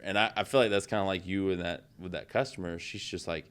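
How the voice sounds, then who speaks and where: A podcast host talks in a deep, smooth voice. He chats in a loose, easy way, full of "like" and "you know.". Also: fairly even intonation, fast, few pauses. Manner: conversational, many fillers such as "like" and "you know". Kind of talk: casual podcast conversation.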